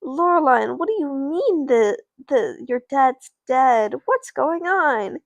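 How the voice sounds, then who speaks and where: A woman voicing a guilty, remorseful schoolgirl in a dramatic, breathy way. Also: on the high side, very animated, takes it slowly, dry recording, dull audio, full character voice.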